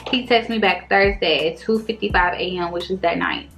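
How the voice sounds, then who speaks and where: A young woman telling a casual storytime vlog, animated, slangy and exasperated, full of rhetorical questions. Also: lowish voice, moderate pace, gravelly, faint music behind. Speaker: vlogger telling a dating story.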